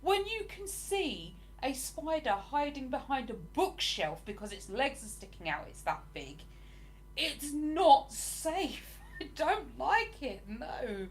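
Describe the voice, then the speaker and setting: A woman's voice: sits high, big pitch swings, a little slow, few pauses. An English woman in her forties, chatting casually with viewers on a livestream and answering their comments. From England. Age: 40s. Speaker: livestream host.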